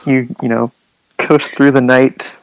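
A man narrating as game master of a tabletop war game, relaxed and halting. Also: mid-range voice, no room sound, poor audio.

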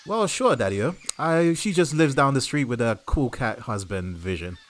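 A man's voice: medium pitch, expressive, normal speed, lightly acted. Field: man doing a cheery retro TV reporter. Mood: chirpy. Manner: jaunty 1950s radio-presenter delivery, loud and bouncy. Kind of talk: comedy news sketch.

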